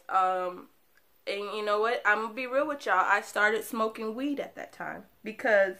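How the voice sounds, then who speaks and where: Bright-voiced woman confiding a personal story. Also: on the high side. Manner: confiding and conversational, laughs between sad moments. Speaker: vlogger. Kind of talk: candid personal storytelling to camera.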